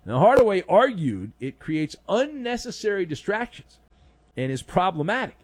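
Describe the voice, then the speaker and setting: A man's voice: high voice, big pitch swings, moderate pace, a little mellow. A man hosting a daily sports talk show, delivering a sarcastic, emphatic monologue of opinions.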